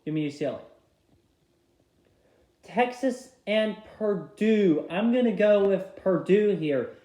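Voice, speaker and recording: A young man with a fairly high voice talks through his bracket picks in a casual, chatty way. He moves quickly from game to game and keeps apologizing for tapping the wrong teams. The room around him sounds echoey. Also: animated, mellow. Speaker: vlogger filling out a tournament bracket. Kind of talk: casual bracket-pick commentary.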